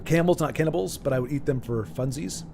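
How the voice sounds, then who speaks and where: Man, streamer, casual chat, rambling, slightly high voice, faint background noise. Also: fast, creaky, warm tone. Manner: rambling, chatty, with frequent restarts and chuckles. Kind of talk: casual chat while reading viewer comments.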